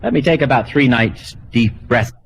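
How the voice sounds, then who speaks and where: A man's voice: mid-range voice, moderate pace, creaky. A man giving a live science demonstration in an explanatory, showman style. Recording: slightly noisy live recording.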